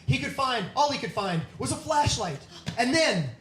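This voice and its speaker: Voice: sits high, very animated, normal speed. Playful narrator in an echoey room. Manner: playful, hamming up spookiness. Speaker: narrator and event host. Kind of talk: live read-aloud of a children's story. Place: live theatre event indoors. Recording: echoey room, distant mic, noisy.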